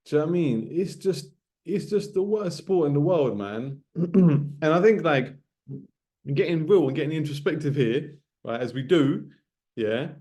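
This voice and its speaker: In a casual rant to camera, a boxing commentator vlogger in his late thirties talks about the sport with a mid-range, dark-toned voice. He repeats himself for emphasis and caps his phrases with "man" and "bro."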